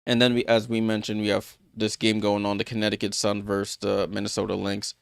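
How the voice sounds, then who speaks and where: A man's fairly low, monotone, creaky yet clear and resonant voice runs a little fast as he hosts a live sports watchalong. His casual score recaps are full of fillers and restarts, and he calls out viewers by name. The studio sound is clean, with no room sound.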